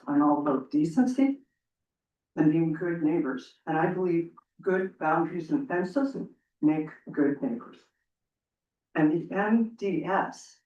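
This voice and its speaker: A woman resident making an earnest, pleading comment at a council meeting, close to tears. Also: low voice. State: near tears. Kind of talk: emotional public comment. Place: council chamber. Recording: distant, roomy and dull public meeting recording.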